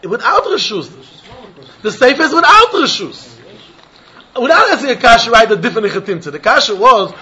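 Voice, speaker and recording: A man giving an animated Talmud lecture, acting out both sides of a dispute in the first person. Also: high-pitched, muffled recording. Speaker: Talmud teacher.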